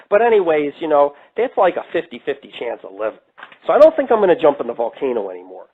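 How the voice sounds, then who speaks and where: A man from New York, a paranormal investigator hosting a radio show, ranting brashly and swearing in a casual monologue. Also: medium pitch. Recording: tinny phone-like radio line.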